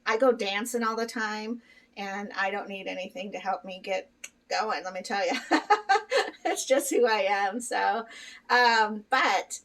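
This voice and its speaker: A woman's voice: mid-range voice, fairly even intonation, unhurried, a bit bright, far from the mic, low-quality recording. Chatty, candid middle-aged woman vlogger. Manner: chatty and candid, frequent fillers and laughs. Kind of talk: casual chat to camera.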